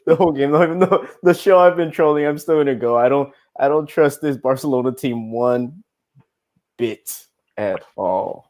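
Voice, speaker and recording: A man's voice: medium pitch, moderate pace, darkish tone. A man on a casual sports podcast, teasing the others in a joking way.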